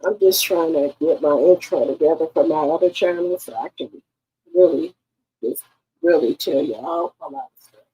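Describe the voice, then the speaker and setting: A middle-aged woman speaking casually to her viewers, emotional and pausing to collect herself, retelling her mother's words. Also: low voice, husky, highs cut off. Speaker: vlogger. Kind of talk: casual personal talk to viewers.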